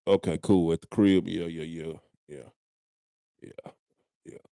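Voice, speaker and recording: A man's voice: low voice, steady tone, unhurried, vocal fry, dark tone, no echo, clean studio sound. A young man hosting a live stream, trash-talking rival fans in casual banter with drawling repeats. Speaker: live-stream host, sports fan.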